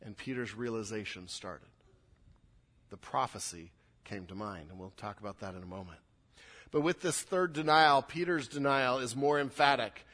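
A man's voice: medium pitch, moderate pace, fairly bright tone. A man preaching a sermon, acting out quoted lines with rising intensity. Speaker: pastor.

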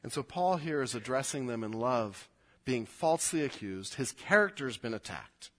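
Pastor guy preaching, gets really animated, voice shoots way up when he explains stuff. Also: normal speed. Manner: animated, rises sharply in pitch and volume when explaining. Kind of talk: sermon.

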